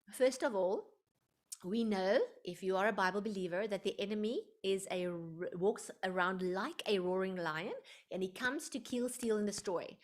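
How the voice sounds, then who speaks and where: A woman hosting a live online workshop, expressive and emotional, slipping into prayer like a preacher. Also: medium pitch. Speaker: workshop host.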